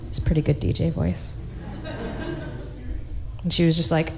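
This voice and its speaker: A woman performing a stand-up set in a wry, conversational way with quick asides. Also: medium pitch, big-room sound, a little hiss or hum. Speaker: stand-up comedian.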